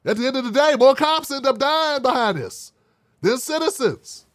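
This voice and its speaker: A male commentator with a high, very lively voice, swooping up and down as he mocks and swears his way through his own online show. He sounds sarcastic and loose, and his voice is dry and close, with no room sound. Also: moderate pace, dry recording. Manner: sarcastic, mocking, profane. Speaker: independent media commentator.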